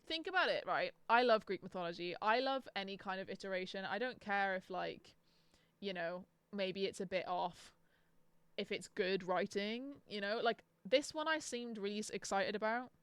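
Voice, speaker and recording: A woman's voice: medium pitch, moderate pace, smooth, dry recording. A young woman chatting casually on a live stream, sarcastic and swearing freely. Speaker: book streamer.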